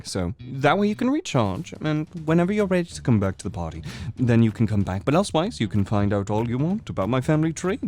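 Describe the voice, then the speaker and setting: A man's voice: on the low side, darkish tone, lightly acted. A man voicing a cheerful, fussy nobleman father who is effusive, flustered and overly polite in a tabletop game.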